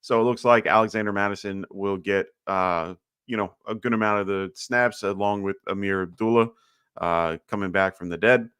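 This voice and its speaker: A man's voice: on the low side, fairly even intonation, moderate pace, a bit bright, smooth, no echo, clean studio sound. A man with a slight lisp hosting a live fantasy football Q&A, talking loosely with lots of fillers and sounding short on sleep. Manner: loose, chatty, many fillers. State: tired from little sleep. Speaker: fantasy football livestream host. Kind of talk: casual live Q&A commentary.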